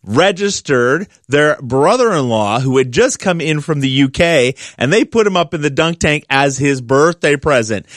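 A man's voice: medium pitch, no echo, clean studio sound. A man hosting a call-in gardening radio show, talking in an upbeat, chatty, promotional way.

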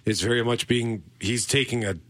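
A middle-aged man co-hosting a laid-back movie podcast, his voice bright and forward. He rambles through his thoughts with restarts and frequent laughter. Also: medium pitch, steady tone, moderate pace. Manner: chatty, rambling, laughs often. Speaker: podcast co-host. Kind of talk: casual chat about movies.

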